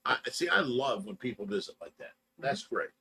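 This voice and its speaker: Bright-voiced man telling rambling stories. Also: medium pitch, big pitch swings, moderate pace, breathy edge. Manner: rambling, laughs through his own stories. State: tired from lack of sleep. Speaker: livestream host. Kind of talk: casual storytelling chat.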